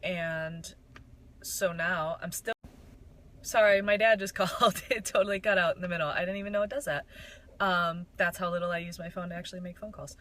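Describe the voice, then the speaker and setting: A woman's voice: fairly low pitch, fairly even intonation, fairly quick, a bit bright, slight background noise, rough recording. A young woman from Michigan telling her network marketing story in a casual, candid way, with frequent fillers.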